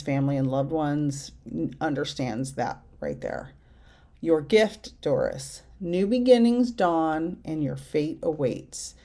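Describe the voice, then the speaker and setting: A woman's voice: sits low, dark tone. A woman reading oracle cards aloud in a chatty, effusive way. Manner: chatty and effusive, reads card text aloud. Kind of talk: card-reading vlog.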